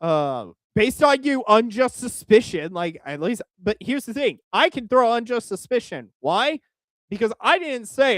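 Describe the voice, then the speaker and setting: A man's voice: high-pitched, sing-song, unhurried, fairly bright tone, no echo. A young man from Oklahoma giving crude, exasperated reaction commentary on a video as a streamer, with frequent restarts.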